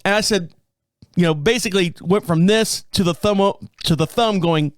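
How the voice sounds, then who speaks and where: A man's voice: high voice, animated, brisk, dry recording, clean studio sound. A man around fifty, a podcast host telling a profane, self-mocking story in a casual way.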